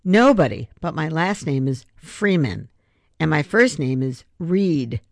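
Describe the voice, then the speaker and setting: A woman's voice: deep voice, lively intonation, a little slow, no echo, studio quality. A woman voicing a grumpy, touchy boy new to the neighborhood, speaking in a sulky, defensive way.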